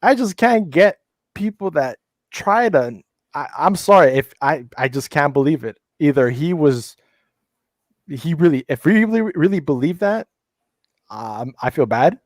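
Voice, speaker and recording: A man's voice: fairly high pitch, animated, measured pace, dry recording. A middle-aged man speaking in a casual panel discussion, heated and profane, often restarting his sentences.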